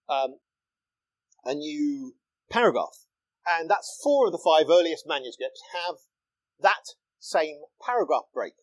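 A man giving a public lecture, explaining in a lively way and asking rhetorical questions. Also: fairly high pitch, no echo, rough recording. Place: lecture hall.

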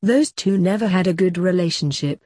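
A woman's voice: on the low side, a little fast, mellow, no room sound, studio quality, lightly acted. A woman reading the lines of a stern, cold old male grim reaper who works as a coroner in a short story.

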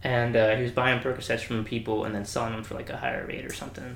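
Animated man telling rowdy service stories. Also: medium pitch, fast, gravelly, a little hiss or hum. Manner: animated, acts out quoted people, swears freely, laughs often. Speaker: Navy veteran telling stories. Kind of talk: casual storytelling chat. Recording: echoey room.

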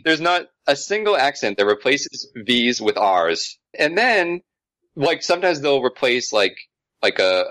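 A man co-hosting a casual film podcast, chatting, laughing often and explaining things with animated detail. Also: mid-range voice, dry recording. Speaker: podcast co-host. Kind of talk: casual film review chat.

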